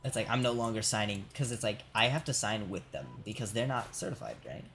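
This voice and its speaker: A man's voice: fairly low pitch, expressive, brisk, creaky, fairly bright tone, slight background noise. Man ranting with heavy swearing. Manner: profane ranting, constant "right?". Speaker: streamer. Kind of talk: venting while playing a game.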